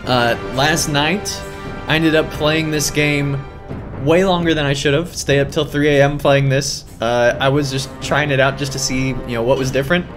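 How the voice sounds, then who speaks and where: A man giving casual let's-play commentary as a gaming host, excited and chatty with many fillers. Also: on the high side, normal speed, over music. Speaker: gaming YouTuber.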